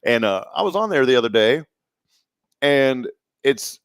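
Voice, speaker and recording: A man's voice: medium pitch, a little slow, smooth, dry recording, studio quality. A man hosting a morning talk show, chatting casually and telling rambling, joking stories in a Texan accent. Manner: rambling, joking, animated storyteller. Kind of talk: casual chat.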